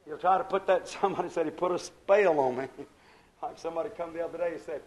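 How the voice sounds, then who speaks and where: A man with a high, ringing voice preaches at a church service. His delivery is folksy and exuberant. It drops to near-whispered asides, then bursts into loud, rising praise. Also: quick pace, low-quality recording. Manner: exuberant folksy preaching with sudden swings from hushed to shouting. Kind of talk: sermon.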